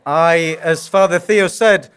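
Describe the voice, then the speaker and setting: A man's voice: on the high side, takes it slowly, a bit bright, clean tone. A man with a Yorkshire accent, a priest speaking at a conference, telling stories with self-deprecating humor. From Yorkshire, England. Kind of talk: conference lecture. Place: conference hall.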